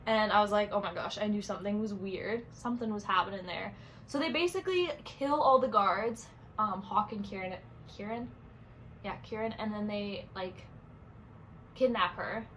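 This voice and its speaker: A woman's voice: medium pitch, normal speed, fairly bright tone, rough recording. Chatty young woman rambling about a book. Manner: chatty, rambling, many fillers. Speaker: book reviewer. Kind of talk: casual book review vlog. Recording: faint background noise.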